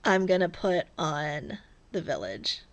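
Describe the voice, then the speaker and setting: A woman talks slowly and easily in a relaxed stitch-along chat, letting her thoughts wander. Her voice has a gravelly edge. She rambles and laughs at herself. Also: fairly low pitch. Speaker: cross-stitch vlogger.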